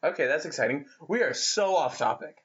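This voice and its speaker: Young man, American accent, animated, playful teasing co-host, dull lo-fi audio. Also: a little high, a little fast. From United States. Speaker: podcast co-host. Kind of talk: casual chat. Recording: dull lo-fi sound.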